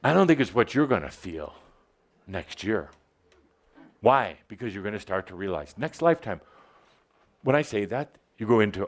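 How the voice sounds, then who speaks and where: A man's voice: lowish voice, big pitch swings, normal speed, long pauses. A man giving a spiritual channeling talk to a live audience, playful and teasing as he exhorts them.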